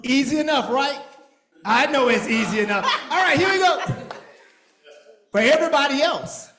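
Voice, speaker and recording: A playful man with a very high voice leads children through counting and chants. He teases and jokes energetically. His voice rings around a large echoey church hall with a crowd murmuring and faint music behind. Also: lively intonation, moderate pace. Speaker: VBS program leader. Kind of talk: leading children's activities.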